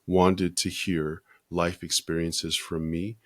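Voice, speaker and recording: A man in his fifties from the United States, a podcast guest speaking slowly and thoughtfully with many pauses. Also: low-pitched, little pitch movement, no room sound, clean studio sound. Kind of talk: casual interview talk.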